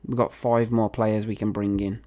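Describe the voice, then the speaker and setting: Young man, mellow tone, casual gaming commentary, talks to himself as he plays. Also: on the low side, little pitch movement, normal speed. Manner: chatty, reacting aloud as he plays. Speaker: gaming video host.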